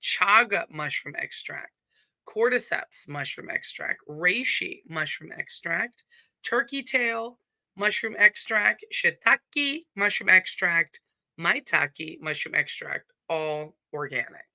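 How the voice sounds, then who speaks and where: A woman's voice: on the low side, lively intonation, slow pace, gravelly, bright, forceful tone, no room sound. A woman with a Southern accent hosting a casual live stream from home, chatty and upbeat as she greets viewers and reads their comments.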